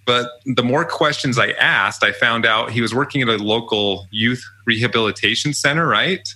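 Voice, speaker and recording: Speaking at a medium pitch and normal speed, the young man has a pushed, bright voice. As a podcast guest in a casual storytelling interview, he recounts his college jobs in a chatty way and laughs a lot.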